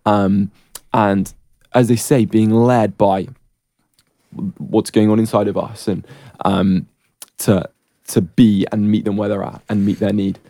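A man with a low, mellow voice talks in a measured, reflective way as a radio guest. The sound is dry and close to the mic. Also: level tone, no echo. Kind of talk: casual radio chat.

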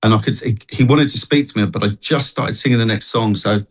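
A man, a street evangelist, telling a faith testimony in an animated, restarting way during an interview. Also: lowish voice, brisk. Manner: animated storytelling, many restarts. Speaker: street evangelist and worship singer. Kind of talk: testimony in a Christian talk show interview.

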